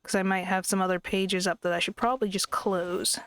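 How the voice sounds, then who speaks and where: Into a desk microphone at her computer, a woman gives casual, chatty game commentary, griping about lag and making self-deprecating jokes. Her mid-range voice is flat, a little fast, a bit bright and clean.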